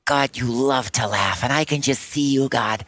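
A man voicing an earnest middle-aged Canadian woman who is praying aloud in a slow, dreamy way, with a Canadian accent. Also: mid-range voice, fairly bright tone, no room sound, voice pushed up, lightly acted.

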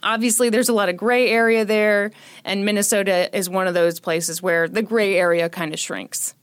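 A woman's voice: medium pitch, fairly even intonation, normal speed, no room sound. Sarcastic woman podcast host, dry sound. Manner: sarcastic, jokey. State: short on sleep. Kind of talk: true crime storytelling and casual chat.

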